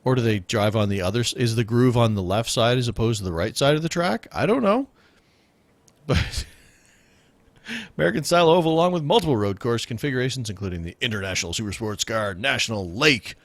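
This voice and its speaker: A man's voice: mid-range voice, lively intonation, brisk, no echo. A man hosting a casual radio show, joking and laughing often with rambling asides. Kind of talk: casual comedic podcast chat.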